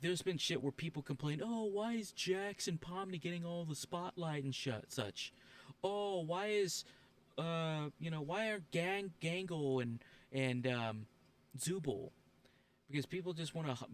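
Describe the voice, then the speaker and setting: A man's voice: mid-range voice, a bit bright, no echo. Man ranting on stream, dry sound. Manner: profane, heated, emphatic ranting.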